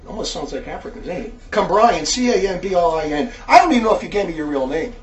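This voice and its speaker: A man with a very high voice delivers a scolding, preachy rant straight at one viewer, hammering his points with repeated jabs. He sits a little back from the mic, so the sound is slightly distant. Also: animated, normal speed. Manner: berating, preachy, repeats taunts like "buddy boy". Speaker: religious commentator. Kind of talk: angry monologue addressed to a viewer.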